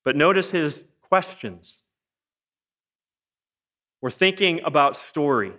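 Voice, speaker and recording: A man preaching a sermon in a lively, joking way, firing off rhetorical questions. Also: a little high, slow pace. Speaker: pastor. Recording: long hall reverb.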